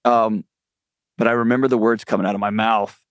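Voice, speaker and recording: A man's voice: fairly low pitch, flat delivery, a little fast, no room sound. A man speaking as a guest mental health expert, telling stories in an earnest, candid way. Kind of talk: conversational interview.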